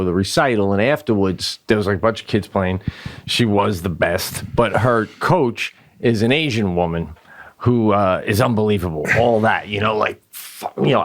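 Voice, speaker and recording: A man's voice: on the low side, dry recording, clean studio sound. A middle-aged man co-hosting a podcast, rambling in casual comedic chat, laughing often and swearing freely. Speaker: podcast co-host.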